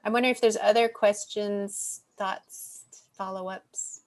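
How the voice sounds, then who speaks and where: A woman's voice: mid-range voice, fairly even intonation, unhurried. A woman moderating a casual panel discussion over a video call, asking questions in a thoughtful, academic way with frequent "like" and "um". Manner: thoughtful, academic, uses "like" and "um" often.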